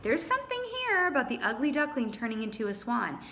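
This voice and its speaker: Lively chatty woman reading tarot. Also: a little high, quick pace, slight background noise. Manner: chatty, animated, with playful exclamations. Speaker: tarot reader. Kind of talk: casual tarot reading monologue.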